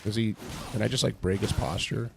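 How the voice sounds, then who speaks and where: A man's voice: lowish voice, fairly even intonation, a little fast, vocal fry, noisy background. A man hosting a morning livestream, reading scripture aloud and paraphrasing it with sarcasm while reacting to his game and thanking chat. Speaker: livestream host leading Bible study.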